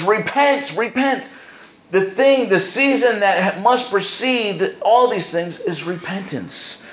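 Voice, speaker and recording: A man preaching a sermon in an emphatic, repetitive way with sudden speed-ups. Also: high-pitched. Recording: roomy, dull lo-fi sound.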